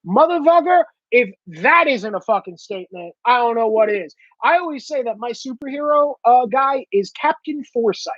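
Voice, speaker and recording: Sarcastic, profane man with husky voice. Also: very high voice, lively intonation, normal speed, few pauses, fairly bright tone, no echo. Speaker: online show host. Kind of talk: ranting monologue. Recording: dull lo-fi dry sound.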